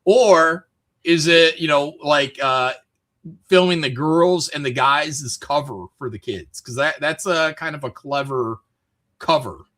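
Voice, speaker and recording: Bright-voiced ranting man streamer. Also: fairly high pitch, unhurried. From Michigan, USA. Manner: rambling, swears often, animated rants. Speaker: streamer host. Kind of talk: casual chat.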